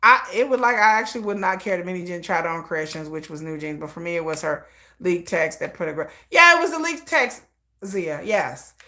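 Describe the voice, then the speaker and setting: A woman's voice: fairly low pitch, a little fast, bright, forceful tone. A woman hosting a livestream in casual commentary style, talking bluntly and emphatically with slang and swearing. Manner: blunt, emphatic and opinionated, with frequent laughs; slangy and profane. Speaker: livestream host.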